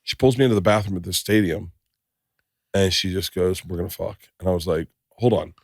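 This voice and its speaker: A man's voice: low-pitched, brisk, no echo, clean studio sound. A middle-aged man hosting a podcast, telling profane, rambling stories and acting out quoted lines in casual chat. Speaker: podcast host.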